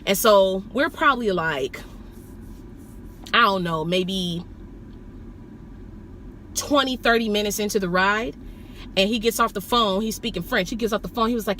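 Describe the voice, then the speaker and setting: A woman vlogging as a rideshare driver, telling a story in a profane, animated, indignant way from inside a car. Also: a little high, normal speed, long pauses, a little hiss or hum. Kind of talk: storytelling vlog.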